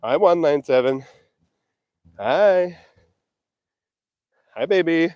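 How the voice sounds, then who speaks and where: While walking a farm field on a live stream, a cattle-feeding vlogger holds a handheld mic and chats casually, teasing his animals with sing-song calls. His fairly high voice is expressive, very slow and a little mellow, and the recording is dry and muffled.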